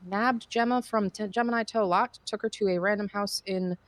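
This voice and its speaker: A woman's voice: mid-range voice, steady tone, moderate pace, dry recording. Rambling woman recapping with lots of fillers. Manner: rambling, swearing, many fillers and restarts. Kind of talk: casual recap of roleplay events.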